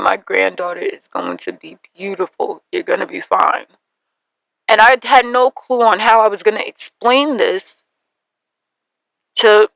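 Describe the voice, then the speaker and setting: A young woman hosting a podcast, telling a personal story in an animated way and acting out the voices of her family. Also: mid-range voice, vocal fry, no room sound, rough recording. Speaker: podcast host.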